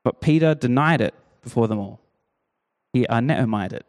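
Pastor telling a Bible story. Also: male voice, mid-range voice, moderate pace. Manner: lively storytelling, acting out quotes. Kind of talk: sermon.

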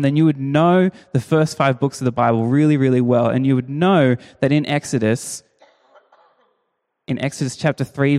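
A man delivers a sermon in a relaxed, conversational manner, leaning on emphasis and firing rhetorical questions at his listeners. His mid-pitched voice carries through a large hall, trailed by long reverb.

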